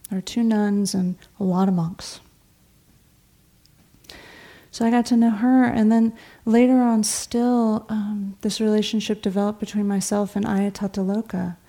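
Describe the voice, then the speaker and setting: Recorded before a seated audience in a meditation hall, a middle-aged teacher delivers a dharma talk in a mid-range voice, level in tone and normal in speed. She shares stories conversationally, at times lowering to a gentle whisper.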